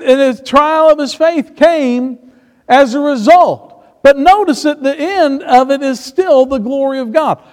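A man preaching a sermon, shifting between quiet storytelling and emphatic points. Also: very high voice. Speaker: pastor. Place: church sanctuary. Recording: long reverb of a church hall.

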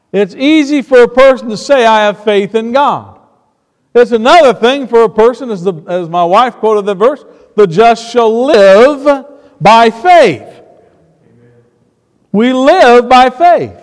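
A man preaching a sermon, shifting between quiet storytelling and emphatic points. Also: very high voice. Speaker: pastor. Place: church sanctuary. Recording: long reverb of a church hall.

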